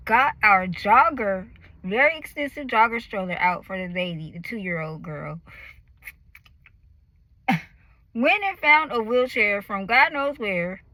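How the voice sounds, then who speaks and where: A bright-voiced woman in her thirties tells a personal story with lively swings in pitch. She acts out her own cries and other people's words as she goes. The sound is close and dry, with no room echo. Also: measured pace, long pauses. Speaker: vlogger.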